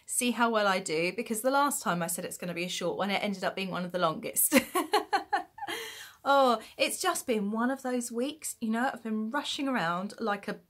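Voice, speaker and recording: A woman's voice: a little high, a bit bright. A woman from the United Kingdom hosting her own podcast in a chatty, self-mocking way, laughing often. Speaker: podcast host. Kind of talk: casual chat.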